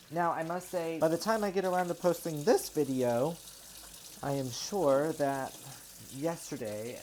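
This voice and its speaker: Chatty low-voiced young woman rambling. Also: a little mellow, slight background noise, poor audio. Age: 20s. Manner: rambling, chatty, many "like" and "you know" fillers. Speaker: vlogger. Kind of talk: casual chat while doing chores. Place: home kitchen. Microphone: own microphone near the sink.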